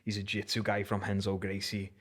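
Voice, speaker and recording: A man's voice: fairly low pitch, completely flat delivery, fast, breathy edge. A young man with a Liverpool Scouse accent telling a story in casual, swearing, slang-heavy chat. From Liverpool, England. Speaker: guest, MMA fighter.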